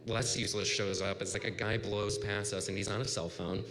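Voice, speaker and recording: A man's voice: lowish voice, little pitch movement, fairly quick, creaky, fairly bright tone. A man in his thirties telling a personal story at a live story slam, casual and rambling with lots of "like.". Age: 30s. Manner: casual, rambling, heavy use of "like". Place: bar venue with live audience. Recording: reverberant live room with faint noise.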